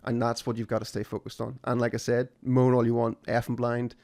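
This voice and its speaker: A man hosting a relaxed podcast chat, his voice at an ordinary middle pitch. He tells stories with lively, sarcastic energy, leaning hard on ironic emphasis. The delivery stays conversational and unscripted. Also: fairly quick. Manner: animated, sarcastic storytelling. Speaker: podcast host.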